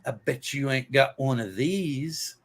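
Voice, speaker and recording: A man's voice: mid-range voice, slow pace. Bragging little boy, as a man tells it. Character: boastful little boy, proud and competitive.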